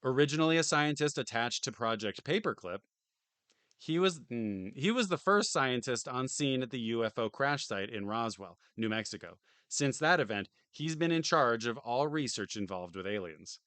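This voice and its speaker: A man's voice: mid-range voice, fairly bright tone, dry recording. A tired man streaming from home, reading a game manual aloud on a close desk mic and tossing in dry joking asides. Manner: dry, joking asides between read passages.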